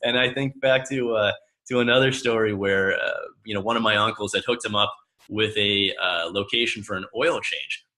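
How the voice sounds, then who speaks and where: A man's voice: on the low side, moderate pace. A man in his thirties, a coach, telling family stories and acting out the voices of the people in them. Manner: animated storyteller who acts out the voices of the people in his stories. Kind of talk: personal storytelling talk.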